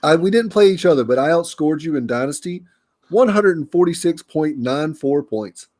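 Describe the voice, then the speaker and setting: A man's voice: a little high, animated, moderate pace, a little mellow. Cocky, teasing podcast co-host man. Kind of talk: casual chat.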